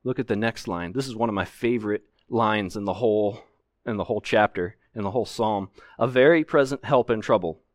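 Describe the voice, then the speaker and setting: A man's voice: fairly low pitch, fairly quick, no room sound, clean studio sound. A man preaching a sermon from a pulpit, explaining scripture earnestly and with emphasis. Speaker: pastor. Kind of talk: expository sermon. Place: church sanctuary, at a pulpit.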